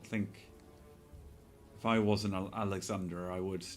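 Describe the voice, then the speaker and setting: British guy rambling on a stream, lowish voice, quiet and laid back, some music faint in the background. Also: steady tone, unhurried. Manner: rambling, soft-spoken, prone to tangents. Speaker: Twitch streamer. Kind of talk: casual chat while streaming.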